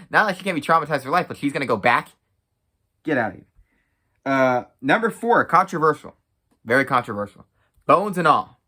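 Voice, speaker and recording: A man's voice: mid-range voice, bright, forceful tone. A man giving a casual, blunt and profane rant as a film reviewer, exasperated and outspoken.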